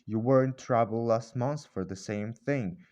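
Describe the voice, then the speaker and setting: A man's voice: mid-range voice, unhurried, darkish tone, highs cut off, lightly acted. A man reading the part of a stern male policeman in a story, speaking severely and officially.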